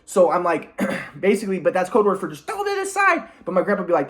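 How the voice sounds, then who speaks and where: Speaking in a high, fairly bright voice with huge swings in pitch, a male vlogger recounts a long personal tale. The monologue wanders, and he frequently stops, starts over, repeats himself, and clears his throat.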